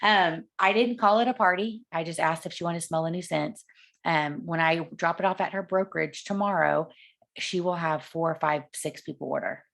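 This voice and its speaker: Chatty woman with a gravelly voice. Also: on the low side, normal speed, fairly bright tone. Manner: chatty, acts out quoted dialogue. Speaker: sales consultant giving tips. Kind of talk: casual coaching talk.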